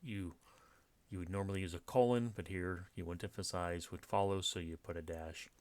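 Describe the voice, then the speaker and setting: In a dry recording, a male writing teacher lectures on punctuation from slides, going step by step with plenty of fillers and restarts. His low voice is steady, fairly quick, and a little mellow.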